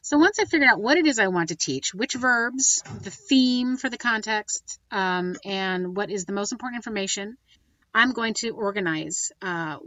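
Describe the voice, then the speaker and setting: A woman's voice: medium pitch, pushed and bright, no room sound, dull audio. Woman teacher planning a lesson aloud. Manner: thinking aloud, with many ums and restarts. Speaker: Spanish teacher. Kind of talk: recorded classroom lesson walkthrough.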